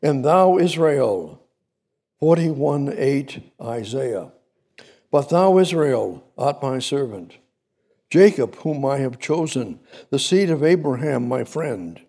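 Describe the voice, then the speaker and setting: A man's voice: medium pitch, animated, takes it slowly, mellow, slightly rough, long reverb tail. A man preaching a sermon, reading scripture aloud and repeating key words for emphasis. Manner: repetitive, building emphasis, reads scripture aloud.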